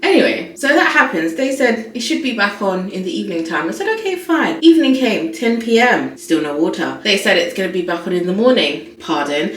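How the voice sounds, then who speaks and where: A woman's voice: mid-range voice, expressive, fairly quick, few pauses, a bit bright, slight background noise. A young woman, chatting casually to camera as a travel vlogger in a hotel room, exasperated and full of storytelling. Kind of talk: casual vlog chat. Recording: echoey room, faint background ambience.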